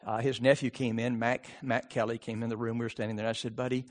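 A man preaching a sermon, swinging from shouted pleading to hushed storytelling. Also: mid-range voice, level tone, fast talker. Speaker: pastor.

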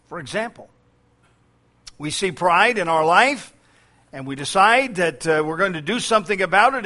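High, bright-voiced man preaching a sermon. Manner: frequent fillers, repeats key phrases. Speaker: pastor.

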